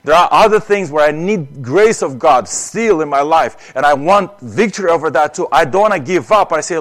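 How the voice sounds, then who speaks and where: A man's voice: fairly high pitch, expressive, moderate pace, few pauses. Earnest man preaching a sermon. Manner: earnest, repeats words, acts out prayers.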